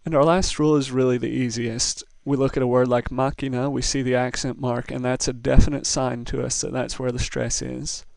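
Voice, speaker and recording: A man's voice: medium pitch, little pitch movement, a little fast, vocal fry, hardly any pauses, darkish tone, dry recording. A man teaching a recorded lesson, explaining step by step in a patient, methodical way. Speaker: Spanish teacher.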